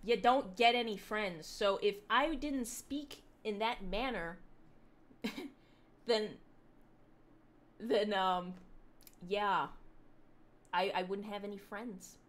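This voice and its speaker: A woman's voice: medium pitch, takes it slowly, long pauses. A woman livestreaming and chatting casually to her chat, rambling with joking, sarcastic asides. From Puerto Rican heritage.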